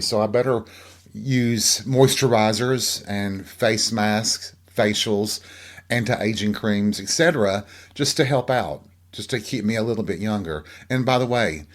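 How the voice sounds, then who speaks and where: A middle-aged man from Tennessee, hosting a podcast alone in candid, campy, chatty storytelling. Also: lowish voice. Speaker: podcast host. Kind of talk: casual solo chat.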